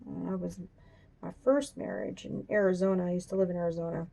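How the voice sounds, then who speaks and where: Gravelly-voiced woman chatting while coloring. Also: on the low side, a little fast, warm tone. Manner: chatty, thinks aloud, talks to her drawing. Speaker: coloring tutorial host. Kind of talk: casual demonstration while drawing. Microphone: camera on a tripod.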